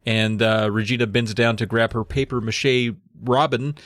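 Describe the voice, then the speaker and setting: A man's voice: medium pitch, fairly even intonation, normal speed, a bit bright, no echo, clean studio sound. A man co-hosting a comedy podcast, retelling a book chapter in a jokey, swearing, playful way. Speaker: podcast co-host. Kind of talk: casual comedic book recap.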